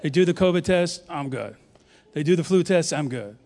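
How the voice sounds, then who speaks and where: Brief: man in his fifties from New York, lively joking pastor, higher voice, long church reverb. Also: normal speed. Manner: animated, joking, leads the crowd in call-and-response. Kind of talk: sermon. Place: large church auditorium.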